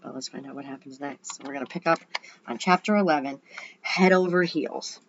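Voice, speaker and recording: A woman's voice: rumbling low, brisk, lo-fi sound, slight background noise. A young woman reading a children's chapter book aloud, adding chatty, playful asides between passages. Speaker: storybook reader.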